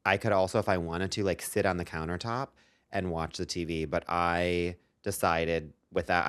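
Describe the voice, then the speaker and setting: A man's voice: sits low, fairly bright tone, clean tone, no room sound, clean studio sound. A man co-hosting a comedic podcast, telling a story in a rambling, self-mocking way with lots of ums. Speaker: podcast co-host.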